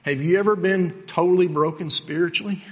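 A middle-aged man preaching a sermon as pastor, impassioned, swinging between loud appeals and hushed asides. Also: high voice, fairly quick, big-room sound, muffled recording.

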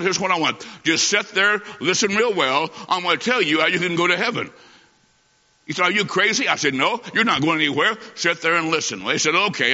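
Folksy male preacher, bright and forceful tone, dull roomy hall recording. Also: on the high side. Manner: folksy, emphatic, speeds up and slows for stress. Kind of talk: evangelistic sermon with storytelling.

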